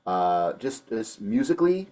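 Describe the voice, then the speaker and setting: A man's voice: lowish voice, big pitch swings, measured pace, background noise. A man co-hosting a metal music show, chatting casually and hedging with many restarts as he reviews a song.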